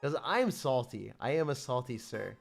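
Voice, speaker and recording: A man giving excited, self-mocking commentary over his own gameplay, full of gamer slang, swinging from hype to groans. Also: medium pitch, normal speed, gravelly, faint music behind. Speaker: gaming creator.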